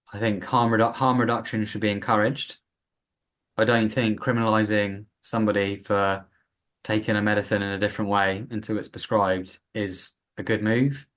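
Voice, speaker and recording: Low-voiced British man, animated interview guest. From United Kingdom. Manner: animated, acts out quoted voices. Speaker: patient advocate guest. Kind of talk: casual interview talk.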